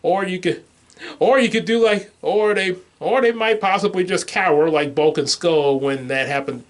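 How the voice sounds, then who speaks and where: A man's voice: sits high, moderate pace. Rambling man chatting about a movie. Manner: rambling with many restarts, laughs at own jokes. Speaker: co-host reviewing a movie. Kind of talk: casual review chat.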